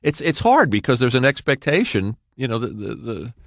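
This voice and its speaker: A man's voice: mid-range voice, big pitch swings, moderate pace, gravelly, fairly bright tone, no echo, studio quality. A man hosting a podcast, reacting with enthusiasm and giving his own film opinions. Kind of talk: casual chat.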